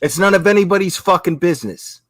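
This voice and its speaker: A man on his own stream, profanely ranting and calling out other creators, slow and emphatic. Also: high voice, lively intonation, no room sound, studio quality. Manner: profane, repetitive, confrontational. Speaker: YouTube creator. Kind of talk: angry livestream rant.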